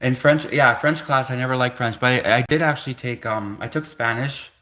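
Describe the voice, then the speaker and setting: A man's voice: medium pitch, a little fast, pushed and bright. A man in his thirties on a livestream, rambling casually with lots of fillers and restarts. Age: 30s. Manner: rambling, many restarts and "like" fillers, laughs between thoughts. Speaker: livestream host.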